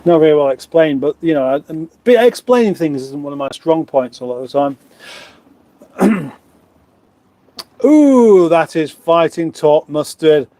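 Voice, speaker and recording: English guy rambling to his livestream chat off a phone, mellow voice, kinda highish, dry close sound. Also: very animated, unhurried, no room sound. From England (born in Surrey). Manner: rambling, self-deprecating, talks straight to viewers. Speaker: livestream host. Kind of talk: casual live-stream chat, reading comments. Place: home kitchen, indoors. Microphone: phone on a stand.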